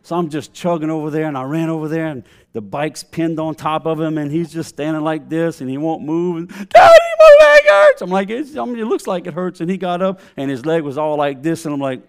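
Man, thirties, pastor, sermon, slightly high voice, storytelling. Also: fairly quick, hardly any pauses, darkish tone, clear, resonant tone. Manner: storytelling with call-outs to the congregation.

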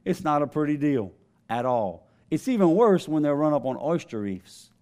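A man's voice: fairly high pitch, big pitch swings, moderate pace, warm tone. A man preaching a sermon as pastor, telling stories conversationally and laughing often.

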